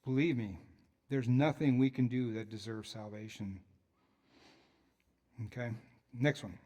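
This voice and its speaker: A man's voice: medium pitch, steady tone, unhurried, mellow. Guy pastor preaching in church, chatty and loose, cracks little jokes. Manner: conversational, with joking asides. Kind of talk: sermon.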